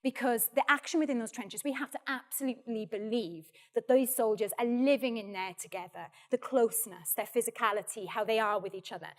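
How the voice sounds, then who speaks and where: Welsh woman drama coach, bright and encouraging, slightly high voice, demonstrating exercises to a group. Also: fairly quick, few pauses. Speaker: actor leading a drama workshop. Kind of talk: practical teaching, giving instructions.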